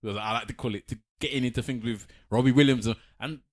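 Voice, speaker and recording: A man's voice: medium pitch, fast talker. A man co-hosting a podcast, chatting casually and retelling stories with quotes. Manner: animated storytelling, reads out quotes. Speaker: podcast co-host. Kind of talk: casual chat.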